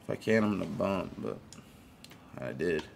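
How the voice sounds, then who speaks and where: A man streaming a game live, chatting casually with viewers, greeting them by name and reacting out loud to plays. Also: low-pitched, lively intonation, moderate pace, creaky, slight background noise.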